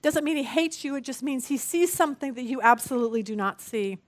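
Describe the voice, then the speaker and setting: A middle-aged woman teaching a women's Bible study tells stories animatedly, acting out what people said with big pitch jumps. Her humor is self-deprecating, and she often adds "okay?". She talks a little fast, with no room sound.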